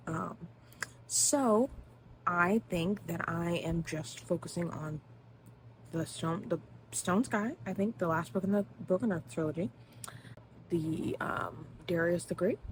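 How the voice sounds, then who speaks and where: A woman book vlogger talking casually to camera, excitable and dramatic, ranting with swearing. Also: fairly low pitch, a little hiss or hum, low-quality recording. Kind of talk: casual reading vlog.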